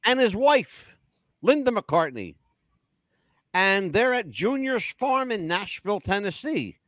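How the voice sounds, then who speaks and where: Male talk-show host, lively storyteller, pitch bounces all over, profane, dry close mic. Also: slow pace, no echo. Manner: animated storyteller, swears freely. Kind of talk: casual chat show talk.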